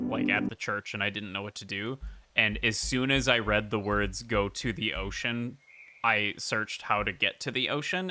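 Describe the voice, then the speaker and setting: A man streaming a game, casually talking through his play in a relaxed, musing way. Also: lowish voice. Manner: relaxed, musing, talks while playing. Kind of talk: casual gameplay commentary. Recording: noticeable background noise.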